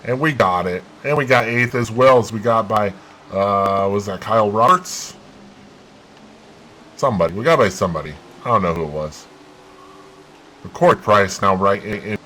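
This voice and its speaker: A man hosting a gaming channel, giving excitable play-by-play of his racing game and bursting into loud exclamations. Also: on the low side, normal speed, pauses often, slight background noise, low-quality recording.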